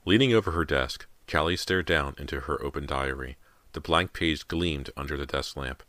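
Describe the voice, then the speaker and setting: A man narrating a horror audiobook in a measured storytelling manner. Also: rumbling low, a bit bright, no room sound.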